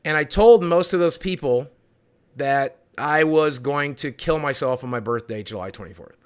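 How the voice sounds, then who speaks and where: A man's voice: on the high side, normal speed, clear, resonant tone. A man hosting a livestream from his studio, talking in an earnest, heartfelt, confessional way with emphatic repetition. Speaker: livestream host.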